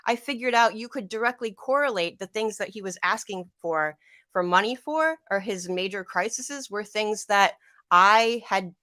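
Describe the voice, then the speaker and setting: A young adult woman appears as a guest on a livestream, telling an emotional personal story in which she rambles, repeats herself and sometimes has her voice catch. Her medium-pitched voice is bright and forceful at a normal speed, recorded in a clean studio with no room sound.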